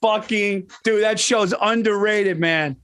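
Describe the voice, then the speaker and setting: High-voiced man, animated, laughing comic. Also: slow pace, a little hiss or hum. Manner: animated, profane retelling with laughs. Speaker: comedian podcast co-host. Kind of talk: casual podcast chat.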